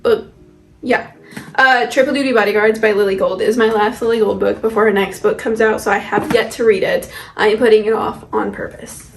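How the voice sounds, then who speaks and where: A woman's voice: mid-range voice, fairly even intonation, fairly quick, vocal fry. Chatty young woman, echoey room. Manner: chatty, rambling, self-questioning. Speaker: book vlogger. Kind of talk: casual chat showing her bookshelf. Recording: echoey room with soft music. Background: soft background music.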